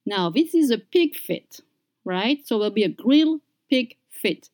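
A woman teaching pronunciation, saying each word slowly and clearly and repeating it for learners. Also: a little high, expressive, a little mellow. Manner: slow, deliberate, repeats words for learners. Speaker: French teacher. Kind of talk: slow pronunciation lesson.

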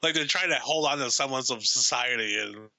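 Bright, dry-voiced rambling man. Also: medium pitch, a little fast, vocal fry, no room sound, low-quality recording. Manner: rambling, swears a lot, acts out quotes. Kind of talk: casual film discussion.

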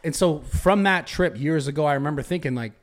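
Animated young man telling a wild story. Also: on the high side, a little fast. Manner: animated storytelling with heavy swearing and restarts. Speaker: podcast host. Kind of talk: casual podcast chat.

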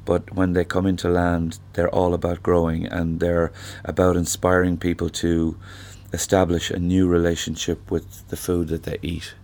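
Low-voiced Irish man in his sixties. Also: completely flat delivery, moderate pace, few pauses, darkish tone. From Ireland. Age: 60s. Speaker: singer-songwriter guest. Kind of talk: reflective conversational interview.

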